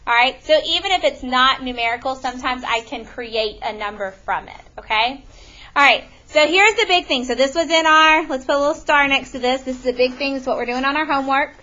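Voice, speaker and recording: A woman teaching a math lesson to a classroom, animated and often questioning her students. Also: sits high, a little fast, muffled recording.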